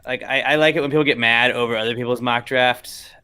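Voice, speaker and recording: Young american man, podcast co-host, casual and jokey, crude language, bright tone. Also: medium pitch, steady tone, fast talker, clean tone. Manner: swears freely, jokey, slips into silly mock voices. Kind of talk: casual chat.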